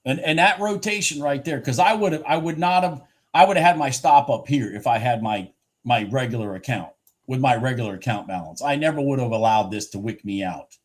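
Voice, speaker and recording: Man in mid-pitch range, live trading streamer, annoyed and self-mocking, talks to himself and chat. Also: brisk. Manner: frustrated, swearing, talking to himself and chat; laughs at himself, repeats phrases. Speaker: livestream futures trader.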